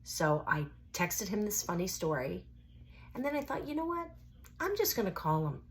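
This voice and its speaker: A middle-aged woman vlogging about a date gone strange. Her tone is dry and sarcastic, full of asides, and she mimics what others said to her. Her voice sits at an ordinary pitch for a woman. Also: normal speed, a little hiss or hum. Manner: wry, sarcastic, quotes people in lively asides. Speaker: vlogger telling a dating story. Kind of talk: casual storytelling.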